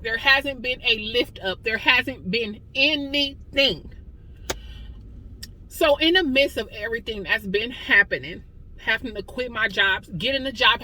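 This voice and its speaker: A woman in her forties gives an impassioned personal testimony, weary and close to tears, speaking straight to listeners in a conversational way. Her voice is on the high side, bright and forceful, and the audio is poor.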